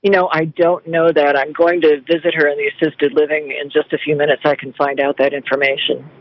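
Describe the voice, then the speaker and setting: A man's voice: fairly high pitch, little pitch movement, brisk, dry recording. A man calling in to a radio show, earnestly explaining a neighbor's problem. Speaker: caller. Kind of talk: phone-in call. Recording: dull lo-fi radio stream.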